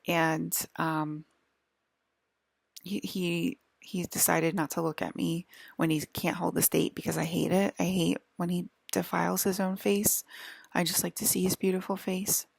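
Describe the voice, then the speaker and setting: Woman vlogging, rambling and halting, low gravelly voice, dry close sound. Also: flat delivery, no room sound. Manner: halting, many restarts and fillers, drifts into whispers. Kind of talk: rambling casual monologue.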